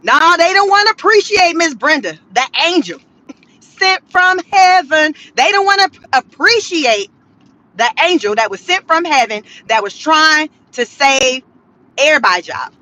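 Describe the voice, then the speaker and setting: A woman chatting about the news in a high voice, slangy and animated as she turns the story into a performance. Her tone is bright and cutting, and she keeps calling out to her viewers. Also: moderate pace, no echo, low-quality recording. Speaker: commentary vlogger. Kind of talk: casual commentary on news gossip.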